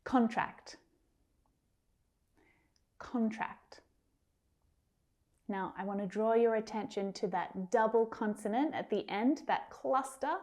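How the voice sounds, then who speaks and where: A woman leads a pronunciation lesson at an unhurried pace. Her voice is mellow and soft. She over-articulates each word and repeats it patiently, sometimes dropping to a whisper. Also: a little high. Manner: carefully over-articulated, drilling single words. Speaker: English pronunciation teacher. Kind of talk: slow, deliberate pronunciation lesson.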